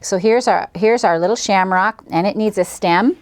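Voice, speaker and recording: She hosts a quilting tutorial in a mid-range voice at a moderate pace. Cheerful and folksy, the middle-aged woman chats along as she demonstrates every step of the craft.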